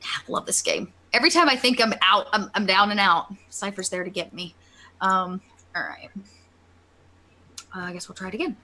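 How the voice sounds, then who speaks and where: Bright-voiced chatty woman player. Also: mid-range voice, moderate pace, a little hiss or hum. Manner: chatty, hesitant, with many fillers. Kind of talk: casual tabletop game chat.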